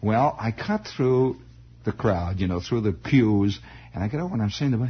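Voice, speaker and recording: A man telling a personal story in a halting, rambling way, full of restarts and asides. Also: on the low side, lively intonation, husky. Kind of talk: spoken storytelling monologue. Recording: dull lo-fi old recording.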